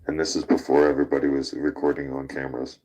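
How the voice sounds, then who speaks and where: A man's voice: very deep voice, flat delivery, fast talker, a little mellow. A man hosting a casual talk show, telling a rowdy story with laughter and swearing. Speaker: podcast host.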